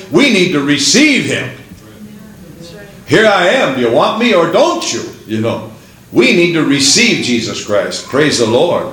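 A man preaching a Pentecostal sermon who builds to excited exclamations and breaks into laughter. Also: medium pitch, roomy sound.

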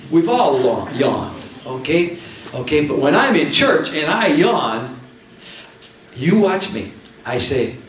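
A man preaching a Pentecostal sermon from the platform to his congregation, fervent and full of emphatic repetition. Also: on the high side. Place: church. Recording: very echoey church hall, mic at a distance, faint noise.

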